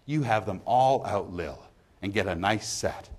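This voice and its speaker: A man voicing a gossiping working-class woman in a pub, in a loud and emphatic dramatic poetry reading. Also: fairly low pitch, animated, a little slow.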